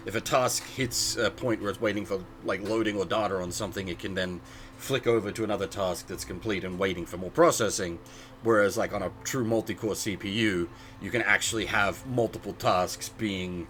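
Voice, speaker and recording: A man's voice: lowish voice, a bit bright, slight background noise. A man streaming a video game, chatting casually in a rambling way with frequent restarts. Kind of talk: casual chat over gameplay.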